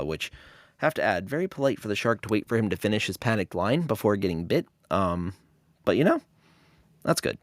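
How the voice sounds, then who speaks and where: Recorded dry with clean studio sound, this podcast host has a lowish voice. His take on films is casual, joking, and sarcastic.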